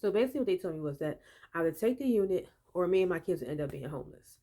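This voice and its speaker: A woman speaks in a somewhat low voice, telling of her trouble as a tenant in casual spoken testimony. She sounds emphatic and exasperated and leans on frequent fillers as she goes. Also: lively intonation, rapid-fire, mellow. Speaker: tenant telling of a dispute with a landlord.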